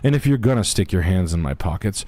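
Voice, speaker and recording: A brash man with a low, steady voice, trading crude jokes on a podcast. He talks loosely and profanely, like he is riffing with a friend. His delivery is blunt and unfiltered. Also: quick pace. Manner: brash, profane, puts on voices while telling stories. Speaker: podcast host. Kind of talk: crude comedic podcast chat.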